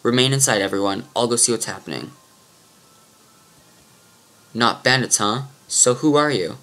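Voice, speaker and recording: A man's voice: mid-range voice, moderate pace, bright, forceful tone. A man playing a wary scared villager. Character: wary frightened male villager.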